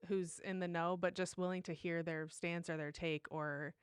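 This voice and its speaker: A woman's voice: on the low side, flat delivery, normal speed, clean tone, dry recording, clean studio sound. A woman on church staff co-hosting a casual podcast discussion, who talks with an apologetic manner and laughs easily.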